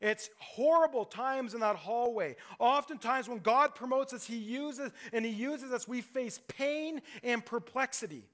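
High-voiced man preaching emphatically. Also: unhurried, few pauses, fairly bright tone. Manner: emphatic preaching with rhetorical questions to the congregation. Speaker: pastor. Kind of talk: sermon.

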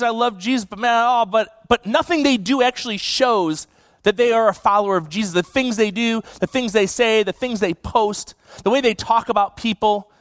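A man's voice: sits high, no room sound. A young adult man giving a casual sermon as a guest preacher, conversational and joking, with many "like" fillers.

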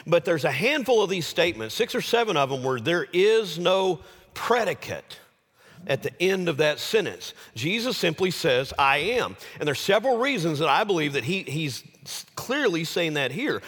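Male pastor, fairly high voice, lively pitch, long hall reverb; dramatic loud-to-hushed sermon delivery. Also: normal speed.

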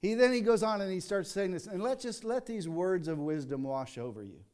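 A man's voice: high voice, normal speed, darkish tone, clear, resonant tone. Grandfatherly preacher, folksy and emphatic. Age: older. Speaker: pastor. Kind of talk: sermon.

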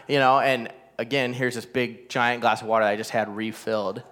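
A man telling a personal family story to a live audience. He is animated and self-deprecating, with frequent asides to the listeners. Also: mid-range voice, fairly quick. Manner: animated, self-deprecating, rising to loud exasperation at the climax; talks straight to listeners with frequent "all right?" asides.

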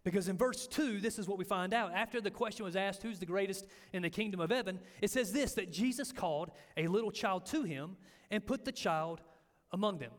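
Male pastor, high voice, lively storyteller, long reverb from a big echoey hall. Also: brisk. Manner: animated storytelling, acting out quotes. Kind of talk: sermon.

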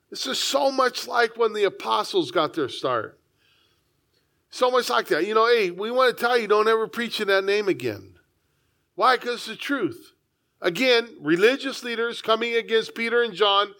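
A man's voice: sits high, fairly bright tone. A man preaching a sermon as a pastor, reading scripture and talking in a conversational way with frequent asides. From United States.

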